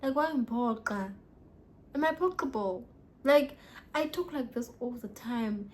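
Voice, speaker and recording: A woman's voice: on the high side, unhurried. Tipsy woman vlogger, chatty. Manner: chatty, animated storytelling, mixing English and local words. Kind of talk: casual chat answering viewer questions.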